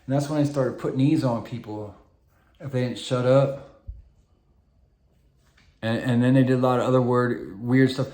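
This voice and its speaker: Male vlogger, mid-pitched, rambling and tangent-prone, echoey room. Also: steady tone, moderate pace, long pauses, darkish tone. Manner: meandering, full of filler ums and tangents. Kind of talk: rambling monologue to camera.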